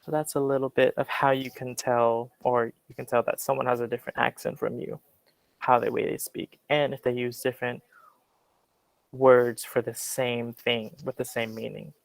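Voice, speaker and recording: A man with a General American accent, teaching an English class in a relaxed, explanatory way with many fillers. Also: mid-range voice, normal speed, vocal fry, no room sound, poor audio. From Western United States. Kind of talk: classroom lecture.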